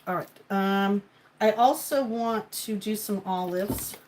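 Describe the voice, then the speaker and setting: A woman's voice: medium pitch, slow pace, darkish tone, a little hiss or hum, rough recording. Chatty woman cooking on a livestream. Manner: chatty and rambling, talks to viewers and to her food. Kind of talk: casual live-stream cooking chat. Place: home kitchen.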